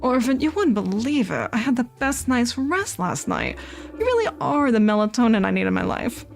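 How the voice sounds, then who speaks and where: A woman voicing a gentle, doting old grandmother on the phone, speaking slowly and soothingly. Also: fairly high pitch, sing-song, gravelly, faint music behind. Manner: slow, soothing and affectionate.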